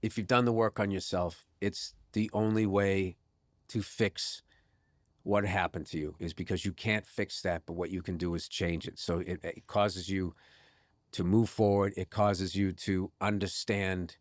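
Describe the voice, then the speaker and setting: A man guest in a casual podcast chat, telling stories with lively restarts and laughs, turning soft and low when reflective. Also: measured pace, no echo, studio quality. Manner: animated storyteller, frequent restarts and laughs.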